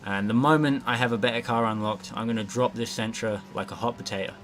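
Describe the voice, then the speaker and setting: Low-voiced man giving profane game commentary. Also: steady tone, quick pace, a bit bright, slight background noise. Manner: casual, rambling and heavily profane, with frequent fillers. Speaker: let's play host. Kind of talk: gameplay commentary.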